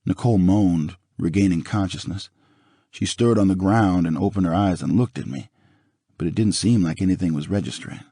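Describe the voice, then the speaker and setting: A man narrating an audiobook in the first person with a dramatic, expressive reading. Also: deep voice, a little fast, breathy edge, no echo, studio quality.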